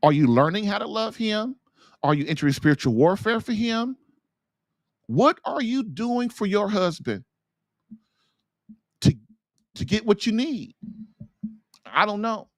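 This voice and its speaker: A man's voice: sits high, very animated, a little slow, pauses often, dry recording, studio quality. Preachy man firing rhetorical questions. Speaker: podcast host and marriage coach. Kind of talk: impassioned religious monologue.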